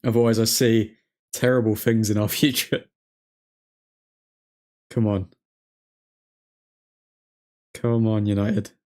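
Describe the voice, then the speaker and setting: A man hosting a live football watchalong, reacting to each chance with loud excitement and grumbling at the referee. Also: fairly low pitch, slow pace, pauses often. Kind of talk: live match commentary.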